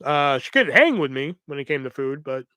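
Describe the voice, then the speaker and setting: A man's voice: mid-range voice, sing-song, fairly quick, bright, forceful tone, clear, resonant tone, no room sound. A man hosting a podcast, telling a rambling story in casual chat, swearing constantly and full of fillers. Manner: rambling, profane, lots of fillers. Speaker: podcast host.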